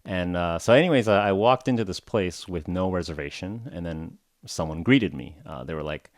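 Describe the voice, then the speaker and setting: Low-voiced man telling a self-mocking story. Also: moderate pace, no room sound, studio quality. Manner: chatty and self-mocking, with many fillers like "uh" and "like". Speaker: podcast host. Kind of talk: casual storytelling podcast for English learners.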